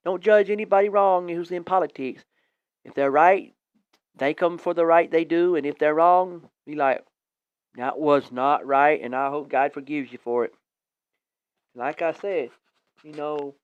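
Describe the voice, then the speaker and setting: High-voiced man ranting about faith. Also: darkish tone. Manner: rambling, exhorting, repetitive. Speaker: online radio host. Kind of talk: preachy live-stream rant. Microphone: tablet microphone. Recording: dull lo-fi tablet stream.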